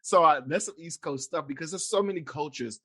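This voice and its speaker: A man's voice: a little high, fairly quick, a bit bright, slightly rough, no echo, studio quality. A man hosting a podcast, asking casual questions with a laugh and many restarts. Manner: curious, laughing, restarts his questions often. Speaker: podcast host. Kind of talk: casual interview chat.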